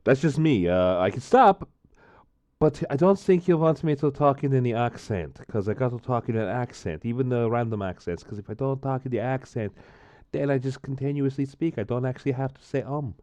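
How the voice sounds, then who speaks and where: A man's voice: mid-range voice, fairly quick, warm tone, dry recording. Chatty man with lots of filler sounds. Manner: chatty, rambling, repeats himself. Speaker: vlogger tasting drinks. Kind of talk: casual chat to camera.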